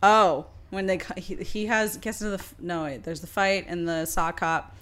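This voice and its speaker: A woman co-hosting a podcast in casual chat, animated and laughing often. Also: lowish voice, moderate pace. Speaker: podcast co-host.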